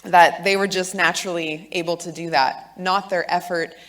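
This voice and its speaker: A woman in her thirties giving a clear, earnest talk, explaining with examples from parenting. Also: fairly low pitch, steady tone, normal speed, fairly bright tone. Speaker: co-speaker on leadership.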